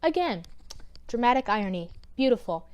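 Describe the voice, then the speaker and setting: A woman's voice: on the high side, sing-song, normal speed, a little mellow, muffled recording. A young woman in her twenties casually retelling a scripture story to her channel, irreverent and wry. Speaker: YouTuber.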